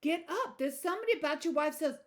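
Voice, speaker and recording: A young boy urgently trying to rouse his father, played by a woman narrator. The voice sits higher than her own, hurried and pressing, as in an audiobook. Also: animated.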